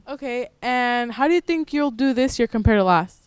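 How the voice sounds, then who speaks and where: A teenage girl reports from the field for a student news show, asking polite, simple questions. Her voice is clean and a little high, recorded dry and close. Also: expressive, normal speed, clear, resonant tone, no room sound. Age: teens. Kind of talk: interview.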